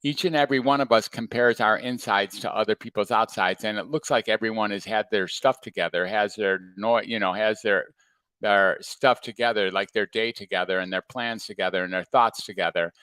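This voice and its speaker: A man coaching viewers in a livestream talk, calm and reflective, asking many rhetorical questions. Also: on the low side, a little fast, smooth, dry recording. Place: home or office, livestream.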